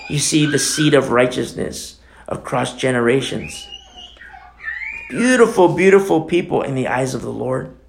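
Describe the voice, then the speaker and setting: A man preaching an expository sermon in a blunt, impassioned way, dropping to a hush and then rising to loud outbursts. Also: on the high side, gravelly, a little hiss or hum. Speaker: pastor.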